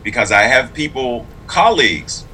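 A man's voice: medium pitch, lively intonation, moderate pace, bright, forceful tone, a little hiss or hum, poor audio. A man who is both clergy and a public school teacher, speaking in a casual interview in an earnest, reflective and emphatic way.

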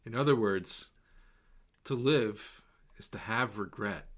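A man preaching a sermon in a slow, measured, reflective way, letting repeated words fall soft and quiet. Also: fairly low pitch.

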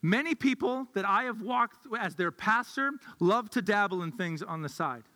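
Male pastor, high-pitched, bright voice; chatty sermon with restarts in a reverberant hall. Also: lively intonation, normal speed. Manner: conversational, thinks aloud with restarts.

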